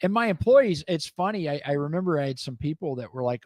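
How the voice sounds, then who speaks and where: A middle-aged man co-hosting a local talk show, speaking bluntly in animated, opinionated casual chat and acting out the people he quotes. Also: fairly high pitch, quick pace, hardly any pauses, dry recording. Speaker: co-host and business owner.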